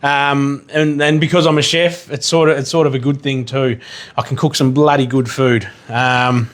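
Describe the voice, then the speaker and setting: Rambling chef on a livestream. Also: male voice, mid-range voice, moderate pace. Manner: rambling, swears casually, bursts into excited yelling. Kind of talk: casual livestream chat while cooking.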